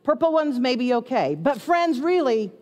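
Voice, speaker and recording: A middle-aged woman pastor, telling a lively, self-mocking story as part of a sermon. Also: high voice, normal speed. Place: church sanctuary. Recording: long hall reverb.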